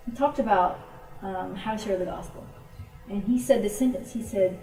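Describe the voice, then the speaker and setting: A woman gives an informal talk to a church group in a lively storytelling way, now and then acting out what her friends said. Her voice is mellow and warm. She is recorded from a distance in a roomy space with echo. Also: medium pitch, normal speed, soft background music. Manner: storytelling, animated when quoting friends. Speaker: missionary speaker.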